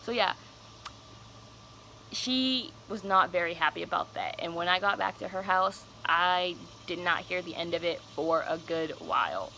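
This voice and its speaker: A woman's voice: on the low side, a little slow, gravelly, sharp tone, a little hiss or hum, rough recording. A young woman telling a personal story on her vlog, casual, candid and cursing freely. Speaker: vlogger.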